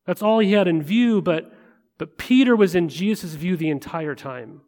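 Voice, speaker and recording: Fairly high-voiced man preaching in a hall. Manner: conversational, checks in with listeners by asking "right?"; slows down and drops to a hush at weighty moments. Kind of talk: sermon. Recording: long reverb of a large hall.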